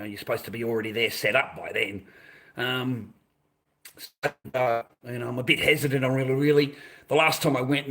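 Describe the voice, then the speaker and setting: A man's voice: medium pitch, a bit bright. Rambling, swearing Australian man. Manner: swears a lot, tells stories with repeated phrases. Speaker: vlogger. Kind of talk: casual rambling monologue.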